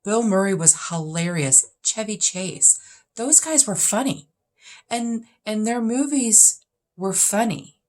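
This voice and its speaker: Working through a list of questions in a casual chat, a vlogger in her fifties gives blunt, opinionated answers with lots of emphasis. Her voice is medium-pitched with a darkish tone, and her pace is slow.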